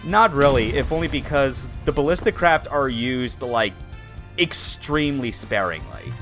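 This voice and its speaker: A man giving casual let's play commentary with a rambling, filler-heavy delivery and a lot of laughing. His voice sits at an ordinary middle pitch. Game music plays clearly underneath him. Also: animated, a little slow, fairly bright tone.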